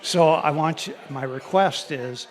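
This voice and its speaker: A man from the audience telling a rambling, animated story during a live podcast recorded at a brewery. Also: a little high, a little slow. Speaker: audience member asking a question. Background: crowd noise.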